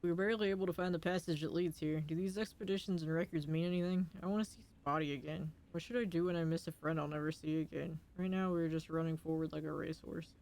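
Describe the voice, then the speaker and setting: A woman's voice: low-pitched, steady tone, fast, gravelly, few pauses, a little mellow. A woman streaming a game, reading its story dialogue aloud and reacting with laughter and swearing in casual commentary.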